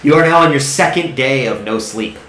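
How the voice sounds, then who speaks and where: A man's voice: mid-range voice, lively intonation, brisk, fairly bright tone, slight background noise. A man acting as dungeon master, explaining the rules casually, with a few restarts. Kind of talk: running a tabletop game, casual. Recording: roomy echo with music.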